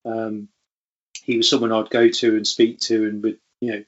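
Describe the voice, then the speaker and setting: Man, husky voice, rambling casual storytelling, lo-fi sound. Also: fairly low pitch, little pitch movement, normal speed. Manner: rambling, lots of fillers. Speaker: podcast guest.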